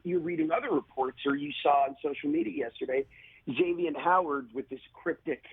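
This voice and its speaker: A man being interviewed as an actor over a video call, telling stories animatedly with quick restarts and laughs, in a gravelly voice. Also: fairly high pitch, no room sound, narrow, tinny audio.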